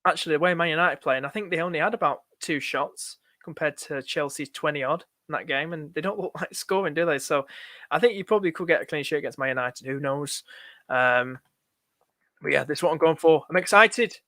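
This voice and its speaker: Male streamer, high voice, dry close sound, chatty and rushed. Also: dry recording. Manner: excitable, rushed, repeats himself, says "mate" a lot. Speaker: fantasy football streamer. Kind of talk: live stream chat answering viewer questions.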